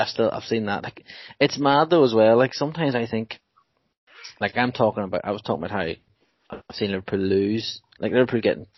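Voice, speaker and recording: Lively storytelling man, dull dry sound. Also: on the low side, no echo. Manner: animated storyteller, laughs often. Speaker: podcast co-host. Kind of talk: casual chat. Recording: dull dry podcast mic.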